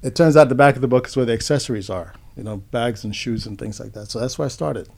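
An older man being interviewed, telling stories from his career in a relaxed, reflective way with frequent fillers. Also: medium pitch, fast, gravelly. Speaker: interview guest, photographer.

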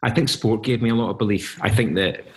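A middle-aged man with a Scottish accent and a very deep voice tells stories as an interview guest. He rambles, doubling back and restarting his sentences. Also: fast talker, rough recording. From Scotland. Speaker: journalist guest. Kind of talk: casual storytelling in conversation.

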